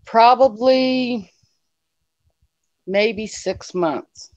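A woman's voice: a little high, very slow, darkish tone, no room sound, lo-fi sound. A woman guest telling a personal story in a rambling, emotional way, acting out what people said. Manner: rambling, emotional retelling with quoted dialogue. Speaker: interview guest. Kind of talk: casual storytelling.

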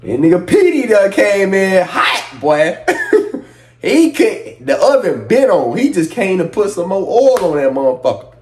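Man, reaction host, excited slangy talk, fairly high voice, echoey room. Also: normal speed. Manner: hyped, laughing, slangy hype talk. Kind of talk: excited music reaction commentary.

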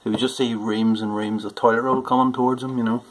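A man with a Northern Irish accent chatting casually through an accent challenge on his vlog, self-deprecating and loud on stressed words. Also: mid-range voice, little pitch movement, quick pace, a little hiss or hum, rough recording. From Northern Ireland. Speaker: homebrewing YouTuber.

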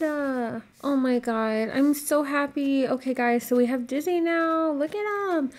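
A woman's voice: sits high, a little slow, few pauses, slight background noise. A woman hosting her gaming channel, reacting with dramatic, profane, exaggerated outbursts during casual game commentary.

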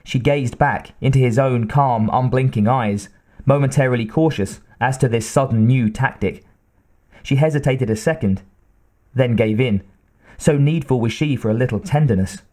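A man reads an audiobook aloud in a steady, even tone. His voice sits at a middle pitch for a man. He carries the story without rushing. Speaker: audiobook narrator. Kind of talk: scripted narration.

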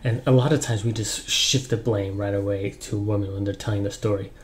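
A young man giving casual relationship advice in a relaxed, rambling way, with lots of ums and you-knows. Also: on the low side, brisk. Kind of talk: casual advice talk to camera.

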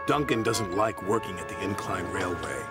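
A man narrating a children's storybook in a scripted, expressive manner. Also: deep voice, moderate pace. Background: loud background music.

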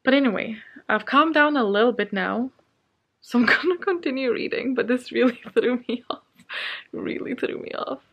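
A woman's voice: on the high side, normal speed, lo-fi sound. Woman book vlogger, casual chat from bed at home; anxious and shaken, rambling delivery with fillers and nervous laughs.

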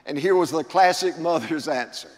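Older preacher man in a reverberant church. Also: on the high side. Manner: preaching with rising emphasis, drawn-out words. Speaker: pastor. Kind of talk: sermon. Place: church sanctuary.

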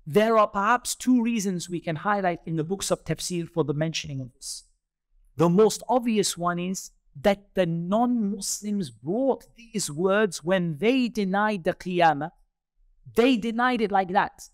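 A man's voice: sits high, unhurried, no echo, studio quality. A man giving a Quran commentary lesson, explaining step by step, repeating key points and mixing Arabic terms into English. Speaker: Islamic teacher. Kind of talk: tafsir lesson.

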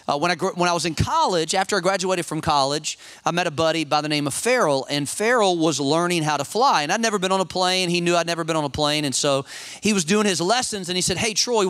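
Male pastor in his forties, high bright voice, dry close sound; animated storyteller. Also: dry recording. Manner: animated storyteller, quick restarts and repeated words. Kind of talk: sermon with personal storytelling.

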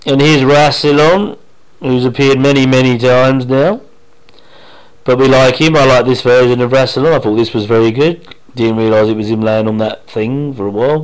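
A man's voice: mid-range voice, low-quality recording. A man giving casual watch-along commentary on an old TV episode at home, rambling and enthusiastic, often trailing off mid-sentence. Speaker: fan commentator reacting to a TV episode. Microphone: home microphone.

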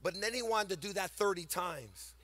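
An older man preaching a sermon to a congregation, animated and sing-song, swinging between loud emphasis and quiet storytelling. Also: high voice, moderate pace. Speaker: pastor. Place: church sanctuary before a congregation.

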